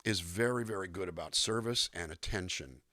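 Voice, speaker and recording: A man's voice: deep voice, normal speed, sharp tone, no echo, studio quality. A man who works as a voice actor and musician, talking in an interview and demonstrating line readings. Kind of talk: conversational interview.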